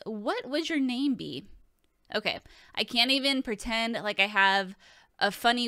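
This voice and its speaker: A woman's voice: medium pitch, bright, forceful tone, dry recording, clean studio sound. A woman in her thirties hosting a casual question-and-answer vlog, talking in a profane, joking, chatty way. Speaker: video host answering viewer questions.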